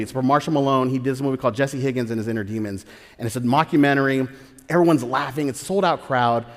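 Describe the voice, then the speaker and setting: Animated man telling stories on stage. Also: a little high. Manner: animated, excitable, laughing as he talks. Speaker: filmmaker telling his story on stage. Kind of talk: live storytelling. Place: large theater stage. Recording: reverberant live theater hall.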